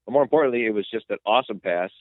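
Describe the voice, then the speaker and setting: A man co-hosting a casual sports podcast, rambling through each play and getting worked up as he tells it. His voice sits on the low side. The sound is thin and phone-like, with no room around it. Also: racing, no echo. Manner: excitable, rambling storyteller. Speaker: podcast co-host. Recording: tinny phone-like line, dry.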